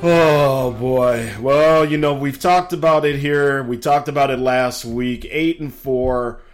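A man's voice: medium pitch, fairly even intonation, slow pace, faint music behind. A man hosting a casual sports talk show, chatty and laid-back, with a slightly scratchy throat. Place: home studio.

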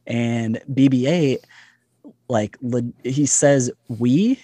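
A man's voice: medium pitch, extremely slow, dark tone, no echo. A man guesting on a podcast, chatting enthusiastically with frequent laughs. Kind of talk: casual podcast chat.

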